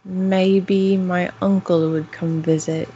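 A woman's voice: lowish voice, little pitch movement, slow, warm tone, slight background noise. A woman hosting a casual podcast, asking questions in a curious way. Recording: dry, dull sound.

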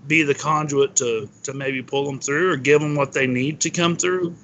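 A man speaking in a casual discussion, theorizing in halting, rambling phrases. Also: medium pitch, steady tone, a bit bright, highs cut off, slight background noise.

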